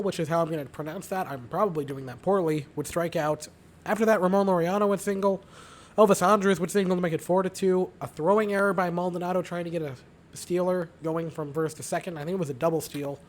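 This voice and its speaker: A hoarse young man with a raspy, sore-throated voice, recapping a baseball game in a calm, casual way. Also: high voice. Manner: aims for calm, mellow delivery. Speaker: fan recapping baseball games.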